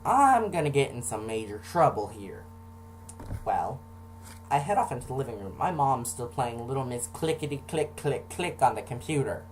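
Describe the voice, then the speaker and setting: A man casually telling a personal story for a vlog, sarcastic and animated, acting out the voices of the people in it. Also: medium pitch, normal speed, slight background noise.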